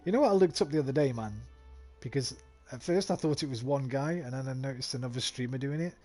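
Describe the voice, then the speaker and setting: A man's voice: medium pitch, quick pace, darkish tone, faint music behind. A man with a West Midlands accent giving casual, rambling commentary while streaming a game, swearing freely. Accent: West Midlands English.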